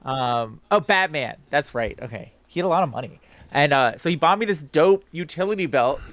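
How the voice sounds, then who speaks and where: A man with a slightly high voice playing an online tabletop game, telling his character's story in a laid-back, deadpan way. The sound is dry and close on a video call. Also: moderate pace, no echo. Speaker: player.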